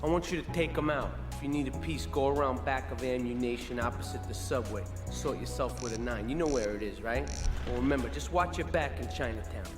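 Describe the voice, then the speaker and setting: An actor playing a gruff male mob boss who gives curt, commanding orders in a game cutscene. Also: mid-range voice, fairly quick, natural voice. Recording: echoey game cutscene with music.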